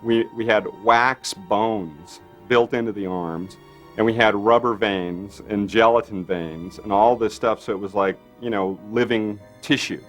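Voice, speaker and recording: A man with a fairly low voice tells a behind-the-scenes story in an interview. He is animated and keeps slipping in fillers. Soft music runs underneath. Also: unhurried. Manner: animated storyteller, acts out quotes with many fillers. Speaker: makeup effects artist. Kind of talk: anecdotal interview.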